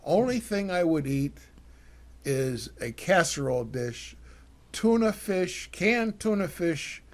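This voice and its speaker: Older man, casual cooking-show chat, rambling, fillers and restarts, slightly high voice. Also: lively intonation, slow pace. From United States.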